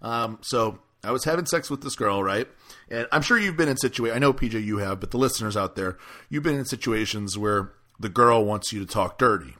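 A man with a bright, forceful voice tells a story on a podcast. He rambles and stumbles through it, piling up fillers in an easygoing, chatty way. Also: lowish voice. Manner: rambling, halting, many fillers. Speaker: podcast host. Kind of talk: casual storytelling chat.

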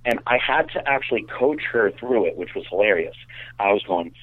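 A young man telling a crude story in casual podcast chat, animated, with stammering restarts. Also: on the low side, moderate pace. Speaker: podcast co-host. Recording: tinny phone-like sound.

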